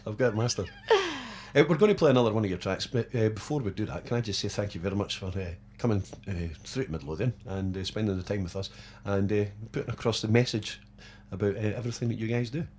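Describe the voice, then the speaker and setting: A man hosting a relaxed radio interview, chatty and full of filler pauses. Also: fairly low pitch, a little hiss or hum. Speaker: radio presenter. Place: radio studio.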